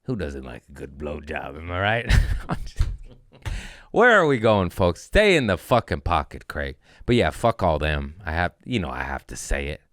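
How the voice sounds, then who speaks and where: A man with a low, smooth and resonant voice, recorded close and dry, talking through a loose comedy podcast monologue. He riffs casually, mocks himself, and swings into profane, heated rants. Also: very animated, moderate pace, a bit bright, no echo. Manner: profane ranting with rising outbursts; riffing, self-mocking asides.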